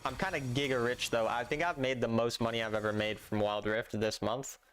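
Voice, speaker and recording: A man's voice: mid-range voice, steady tone, a little fast, a bit bright, slight background noise. A young man livestreaming a game, chatting with viewers in a dry, sarcastic, slangy way from his home setup. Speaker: livestreamer playing a mobile game. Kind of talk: casual stream chat.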